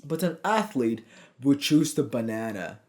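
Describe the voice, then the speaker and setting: A man's voice: mid-range voice, expressive, a little slow. A young man in his twenties, a fitness coach giving a blunt, profane, pushy motivational talk. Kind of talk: casual motivational vlog.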